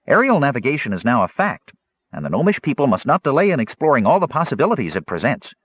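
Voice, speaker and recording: A man reading as a grand-minded gnome man, declaring ideals with lively swings of pitch. His voice is husky, and the recording is dull and lo-fi. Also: fast, no echo. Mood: earnest. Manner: declaring, lofty. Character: earnest, grand-minded male gnome leader.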